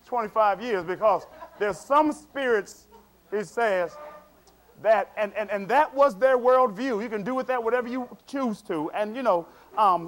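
A man's voice: sits high, fairly bright tone. A man preaching a sermon in a casual, conversational way, repeating words and checking in with the congregation.

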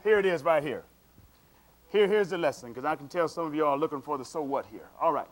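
High-voiced male preacher, loose conversational sermon delivery. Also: animated, fast. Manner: conversational, chuckling asides, repeats words, checks in with congregation.

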